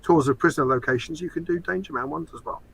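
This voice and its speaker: A man's voice: on the high side, quick pace, vocal fry, husky, poor audio. A man from England co-hosting a casual podcast chat, teasing and explaining at length. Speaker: co-host and show expert.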